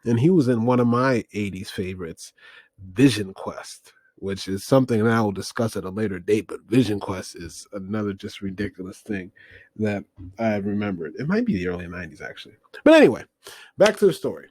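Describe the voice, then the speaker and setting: A man's voice: fairly low pitch, expressive, a little fast, darkish tone, breathy edge, no echo. Rambling man recapping a film. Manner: rambling, many fillers, wry asides. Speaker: movie review host.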